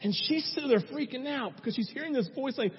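A high-pitched, husky man preaches to his congregation, keeping it loose and chatty with constant check-ins. His voice rings through a big echoing hall. The sound is dull and lo-fi. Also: animated, fast talker. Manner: conversational, with frequent "right?" asides. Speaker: pastor. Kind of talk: sermon.

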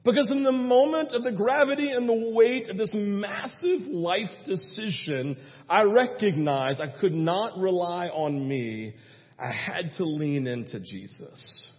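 A young pastor with a high voice tells a lively story from the pulpit, acting out his own panicked prayers. His voice rings with long reverb in a church sanctuary. The recording sounds dull and muffled. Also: unhurried. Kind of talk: sermon.

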